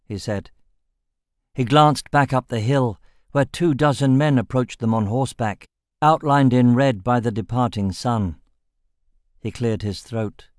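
In clean, dry studio audio, a mid-range male voice narrates an audiobook from a script, his reading even and measured.

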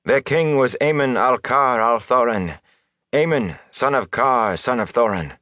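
A man voicing a commanding woman sorceress, speaking quietly but sternly. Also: medium pitch, unhurried, no room sound, studio quality, voice pushed up. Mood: solemn.

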